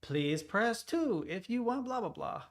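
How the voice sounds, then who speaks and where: A monotone, robotic phone-menu voice, as a man puts it on for a laugh. It is pitched up high and drags slowly through the options. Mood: droning.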